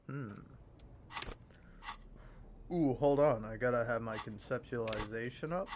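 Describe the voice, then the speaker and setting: A man in his forties with a gravelly smoker's voice, giving rambling, self-mocking, profane commentary while streaming a game. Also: medium pitch, measured pace, background noise. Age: 40s. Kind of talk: casual gameplay commentary.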